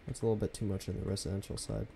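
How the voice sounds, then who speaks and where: A young man streaming a city-building game from his home computer, chatting casually with viewers in a soft, half-whispered, laid-back way. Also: lowish voice, level tone, rapid-fire, gravelly, slight background noise. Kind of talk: casual live-stream commentary.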